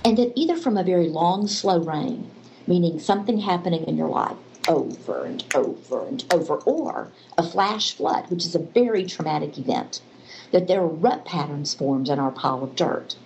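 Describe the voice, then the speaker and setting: Woman, low voice, animated storyteller in a faith-based interview, slight noise behind. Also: moderate pace, creaky, poor audio.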